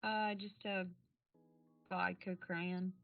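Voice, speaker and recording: A woman taking her turns in a tabletop role-playing game, bold and brisk in character. Her voice sits a little low and sounds dry and narrow, as if over a phone line, with faint music behind. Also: flat delivery, no room sound. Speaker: player.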